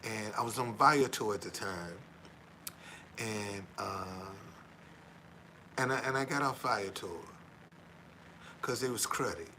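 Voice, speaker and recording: A man's voice: mid-range voice, pushed and bright, a little hiss or hum, rough recording. A middle-aged man chatting casually on a livestream, rambling and repeating himself, tagging his lines with "man" and earnestly preaching about honesty. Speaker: tour guide and former van driver.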